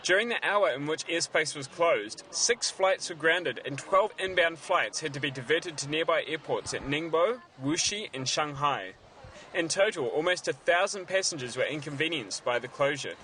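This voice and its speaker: A man filing a recorded news report outdoors in a city, with a measured, even delivery. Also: on the high side.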